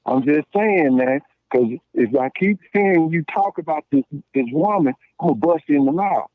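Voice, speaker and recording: A man in his late thirties from Memphis, Tennessee, with a Southern accent, a podcast guest telling stories in a blunt, slangy, animated way with lots of restarts. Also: fairly high pitch, moderate pace, no room sound. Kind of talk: casual call-in conversation. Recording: tinny dry phone line.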